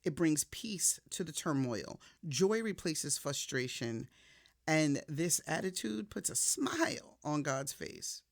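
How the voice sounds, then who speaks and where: A woman giving a faith-based motivational talk in a casual, conversational way, shifting from soft reflection to emphatic storytelling. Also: low voice, lively intonation, slow pace, creaky, no echo, studio quality. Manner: casual, conversational, addresses listener directly. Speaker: motivational speaker.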